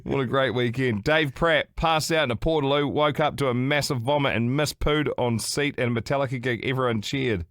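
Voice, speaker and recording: A man's voice: mid-range voice, normal speed, hardly any pauses, fairly bright tone, no room sound, clean studio sound. A man co-hosting a casual podcast, reading items aloud and cracking sweary jokes. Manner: joking, sweary, reading out a list with quips. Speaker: podcast co-host.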